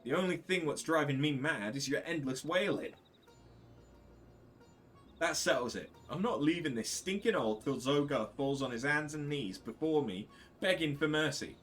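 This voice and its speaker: A man's voice: a little high, expressive, normal speed, fairly bright tone, soft background music, voice pushed up. A man voicing a brash, tough woman adventurer, reading game dialogue aloud in a blunt, scornful, slangy way. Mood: defiant.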